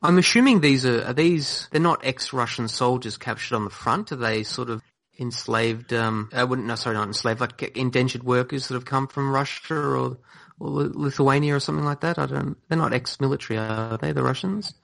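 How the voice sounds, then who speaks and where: A man's voice: mid-range voice, fairly even intonation, fairly quick, gravelly, a bit bright. A man appearing as a guest on a podcast, giggly and self-deprecating. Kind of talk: casual podcast chat.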